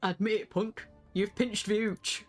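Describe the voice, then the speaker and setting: A woman voicing Hildibrand, a gravelly, gruff northern male inspector in a game, talking like a hard-boiled detective. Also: mid-range voice, steady tone, measured pace, faint music behind, close to an everyday voice.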